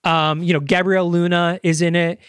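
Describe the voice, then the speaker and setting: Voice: mid-range voice, little pitch movement, normal speed, clean tone, dry recording. A podcast host in casual chat, rambling and enthusiastic, with frequent fillers, restarts and swearing.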